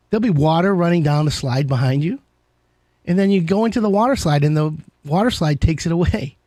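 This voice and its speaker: A man's voice: on the high side, warm tone, dry recording, clean studio sound. A man hosting a live home-services call-in show, chatting casually with jokey, rambling asides. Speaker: radio show host. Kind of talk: casual call-in radio chat.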